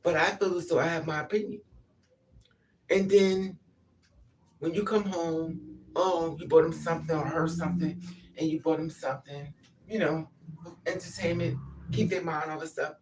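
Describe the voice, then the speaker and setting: A woman's voice: sits low, steady tone, normal speed, pauses often, recorded from a distance, noisy background. A grieving mother giving an impassioned, repetitive spoken monologue. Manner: impassioned, repetitive, acts out pleading quotes.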